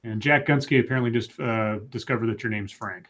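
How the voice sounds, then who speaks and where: A man's voice: mid-range voice, fairly quick, a bit bright. Laid-back man co-hosting with a sore head. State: sore head after a migraine. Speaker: co-host. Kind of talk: casual live-stream chat.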